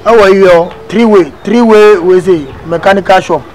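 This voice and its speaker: A man's voice: sits high, moderate pace, darkish tone, a little hiss or hum, natural voice. A man voicing a boastful young man who keeps lying about his studies, with a Ghanaian accent, in a comic cartoon dub. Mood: evasive. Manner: evasive, boastful, pleading.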